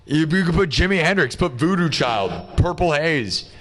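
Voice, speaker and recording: A man with a somewhat high voice talks casually to his live stream audience. He rants in an exasperated way and keeps calling his viewers "dude" and "bro". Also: very animated, normal speed, fairly bright tone. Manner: ranting, exasperated, says "dude" and "bro" a lot. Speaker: livestream host. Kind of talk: casual livestream rant.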